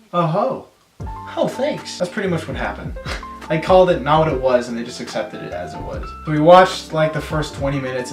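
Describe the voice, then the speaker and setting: A young man in his teens telling a story in a casual vlog, animated and chatty, slipping into silly voices now and then. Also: medium pitch, reverberant. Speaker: storytelling vlogger.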